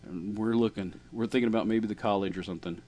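A man's voice: fairly low pitch, steady tone, fast talker, dark tone, faint music behind. Rambling male podcast host. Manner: rambling, full of restarts. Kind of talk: casual podcast chat.

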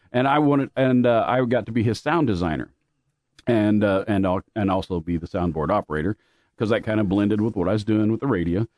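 A man's voice: on the low side, a little fast, a little mellow, dry recording. Chatty man with a very dry close mic. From born in Louisiana, raised mostly in Oklahoma. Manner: laughs often, rambling with many fillers. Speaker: guest with radio and theater background. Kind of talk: casual chat.

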